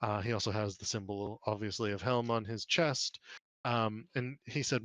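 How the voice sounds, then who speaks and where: A man's voice: lowish voice, normal speed, no echo, rough recording. Man narrating as dungeon master. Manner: relaxed, frequent ums and uhs. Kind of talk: narrating a tabletop game.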